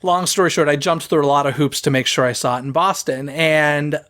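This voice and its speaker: A man with a slightly high voice hosts a casual podcast chat. He tells stories with animated, exasperated energy and quick asides. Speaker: podcast host.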